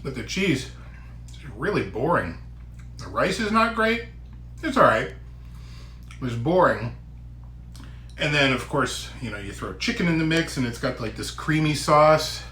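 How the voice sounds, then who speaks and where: A man casually tasting and reviewing a microwave meal on his own channel, chatty and given to loud exclamations. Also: fairly high pitch, big pitch swings, unhurried, pauses often, reverberant, a little hiss or hum. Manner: chatty, exclaims loudly at hot bites. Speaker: food vlogger. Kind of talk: casual food review vlog.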